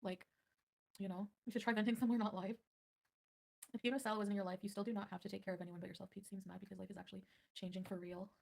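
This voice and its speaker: Fast-talking woman ranting on a livestream. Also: mid-range voice, vocal fry, darkish tone. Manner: defensive, ranting, talks to chat. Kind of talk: livestream rant.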